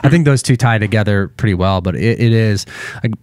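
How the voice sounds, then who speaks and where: A man's voice: fairly low pitch, brisk, darkish tone, no echo. A man co-hosting a church podcast, rambling and self-deprecating, with many fillers. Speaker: podcast co-host. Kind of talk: casual church podcast chat.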